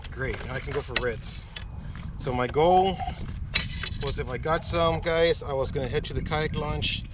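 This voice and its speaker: Excitable man vlogging from a kayak. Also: on the high side, heavy background noise. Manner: excitable, swears often, talks to viewers. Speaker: fishing vlogger. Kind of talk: casual vlog narration. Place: on a kayak outdoors on the water.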